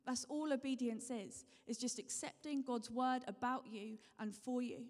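A woman's voice: on the high side, normal speed, a little mellow. Woman preaching in a reverberant hall. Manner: repetitive, encouraging, asks the congregation questions. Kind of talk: sermon.

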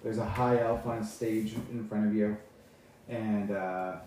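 Dad running a tabletop game for his kids, slow and halting, lots of room echo, sits back from the mic. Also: lowish voice, fairly even intonation, a little mellow, slight background noise. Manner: unhurried, halting narration. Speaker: game master. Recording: echoey room from far off.

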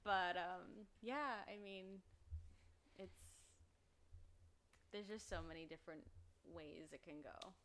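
A woman's voice: medium pitch, takes it slowly, long pauses, fairly bright tone, a little hiss or hum. A young woman, a podcast guest, telling candid stories in a casual chat. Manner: candid storytelling, frequent laughs. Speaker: podcast guest, former dominatrix.

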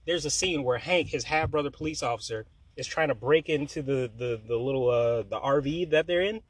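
A man with a husky, slightly breathy voice tells a chaotic story in casual chat. He swears freely and breaks into laughter, and his voice shoots high when he gets excited. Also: fairly quick, no echo.

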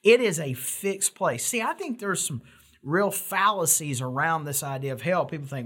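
Male pastor, middle-aged, sermon, earnest and emphatic, slightly higher voice, rhetorical questions. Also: animated, normal speed, sharp tone, breathy edge.

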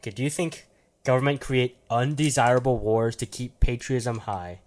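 A man's voice: medium pitch, normal speed, darkish tone. Rambling young male podcast host. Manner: rambling, laughs often, slangy. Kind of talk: casual podcast chat.

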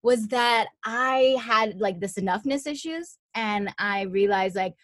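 A woman's voice: mid-range voice, a little slow, a bit bright, no room sound. A young woman talking in a reflective, earnest and chatty way in a casual conversation. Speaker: conversation partner. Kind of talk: casual chat.

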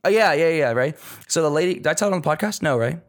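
A man's voice: a little high, animated, fast. A young man on a podcast, rambling through stories in casual chat, swearing a lot and leaning on fillers. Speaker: podcast co-host.

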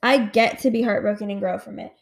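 A woman's voice: mid-range voice, fairly even intonation, brisk, gravelly. A woman hosting a casual solo podcast, talking candidly, swearing freely and saying "like" a lot. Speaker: podcast host. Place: home at night. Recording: roomy echo.

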